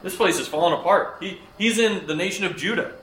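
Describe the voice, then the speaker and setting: A man's voice: sits high, fairly quick, a bit bright, reverberant, a little hiss or hum, low-quality recording. A man teaching a Bible lesson to a class of children, often asking them questions and repeating their answers.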